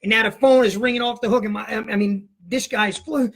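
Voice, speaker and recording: A man's voice: sits high, fairly quick, creaky, breathy edge. A man in his fifties, a podcast guest telling a rambling comic story and acting out the voices of the people in it. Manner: animated, rambling storyteller who acts out voices.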